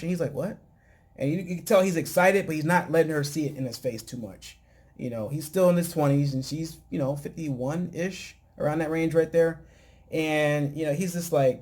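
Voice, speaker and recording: A man's voice: on the high side, brisk, a little mellow. A man hosting a casual talk show, recapping episodes in a loose, rambling way full of fillers. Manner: mimics cast lines in quoted bits. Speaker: podcast host.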